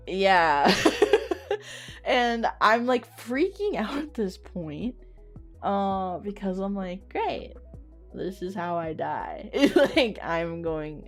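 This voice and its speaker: A young woman streamer telling a story in casual chat, rambling with lots of "like" fillers and casual swearing. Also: mid-range voice. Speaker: VTuber streamer.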